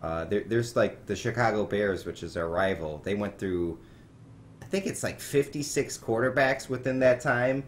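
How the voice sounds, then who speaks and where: Excitable, foul-mouthed male podcast host. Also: lowish voice, moderate pace, a little hiss or hum. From Wisconsin. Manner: excitable, swears a lot. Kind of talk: casual podcast chat.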